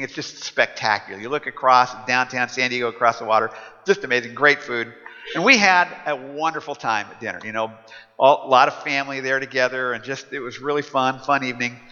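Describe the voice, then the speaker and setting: A man's voice: mid-range voice, bright, forceful tone. A man, a pastor, giving a casual storytelling sermon full of fillers. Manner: conversational storytelling with frequent fillers. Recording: muffled sound in a large echoing hall.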